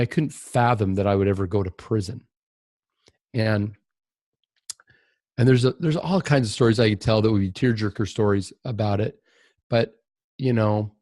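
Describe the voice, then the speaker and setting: A man's voice: on the low side, darkish tone, no room sound. A man on a podcast talking as a guest, earnest and reflective, often restarting his sentences as he tells a candid personal story.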